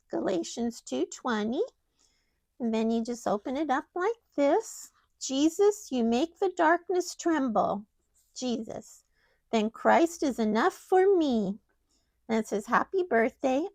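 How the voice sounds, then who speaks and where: A woman hosting a craft tutorial, chatting gently and gushing as she demonstrates step by step. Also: high-pitched, gravelly, no room sound, studio quality.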